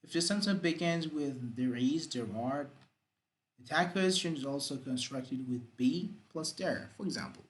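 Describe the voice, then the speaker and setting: A man's voice: on the high side, moderate pace, rough recording. A man teaching English grammar, repeating example sentences with exaggerated rising and falling intonation. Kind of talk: grammar lesson.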